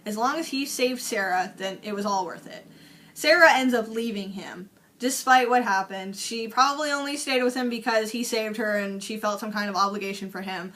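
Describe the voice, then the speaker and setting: A woman's voice: on the high side, normal speed, pushed and bright. A young woman recapping a film in a chatty, sarcastic way, peppered with "like" and swearing. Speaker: movie reviewer. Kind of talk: casual movie recap vlog.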